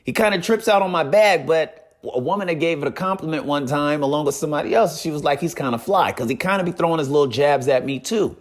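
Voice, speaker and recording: A young man telling a casual, animated story with a recurring catchphrase and acted-out quotes. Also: on the high side, quick pace, few pauses.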